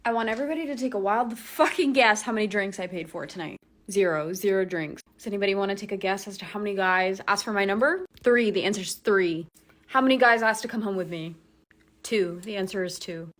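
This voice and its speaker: A woman's voice: mid-range voice, brisk, a bit bright. A woman ranting in a casual vlog, blunt and sarcastic, with frequent swearing.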